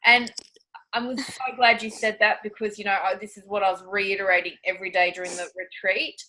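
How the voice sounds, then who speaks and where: A woman teaching a class, guiding a meditation in a slow soothing cadence and then talking it over with students on a video call. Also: medium pitch, little pitch movement, pushed and bright, a little hiss or hum, rough recording. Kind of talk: guided meditation and group discussion.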